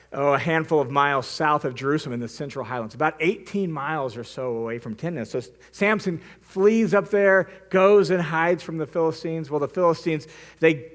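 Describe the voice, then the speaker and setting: A man's voice: on the high side, a bit bright. A male pastor preaching a sermon, retelling a story vividly and acting out the characters' lines. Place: church.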